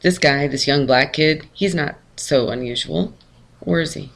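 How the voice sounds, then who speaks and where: A man calmly reading a first-person short story aloud in a measured way. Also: a little high, vocal fry. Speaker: narrator.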